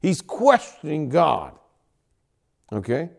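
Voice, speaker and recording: Male pastor, sermon, emphatic, higher-pitched, very lively intonation. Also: slow pace, creaky. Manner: animated preaching, dramatic voiced quotes.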